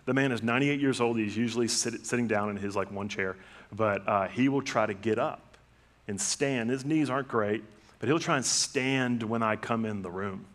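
A middle-aged man with a fairly low voice preaching a sermon. He talks casually, like he is chatting with the congregation, and acts out the quotes in his stories. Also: normal speed. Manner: conversational storytelling with lively acted-out quotes. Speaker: pastor.

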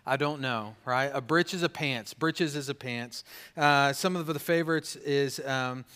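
A man's voice: mid-range voice, unhurried, bright, forceful tone, smooth. A man preaching a sermon as pastor, in a conversational way with many fillers and tag questions.

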